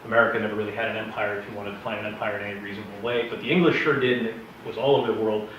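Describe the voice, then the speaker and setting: A man gives a relaxed Bible history lecture to a class, drifting into joking side remarks. He is picked up from across a very echoey room, and the sound comes through dull and muffled under a faint hiss. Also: fairly low pitch, very fast, distant mic. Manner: chatty, digressive, joking asides. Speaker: Bible teacher. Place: classroom with a live audience.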